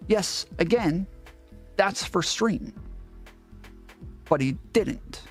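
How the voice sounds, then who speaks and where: A man retells events in a slow, halting way, restarting his sentences often. His voice is slightly higher and gravelly, and faint music plays under him. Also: expressive. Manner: slow, hesitant, with fillers and restarts. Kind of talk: casual retelling.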